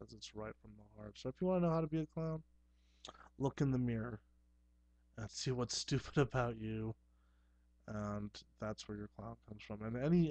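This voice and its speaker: A man in his younger years holds forth in a loose, rambling monologue about his life as a clown. His pitch sits right in the middle, and he sounds earnest and self-assured even as he stumbles into restarts. The recording is dry and close, with no room sound. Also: dry recording. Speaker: clown performer.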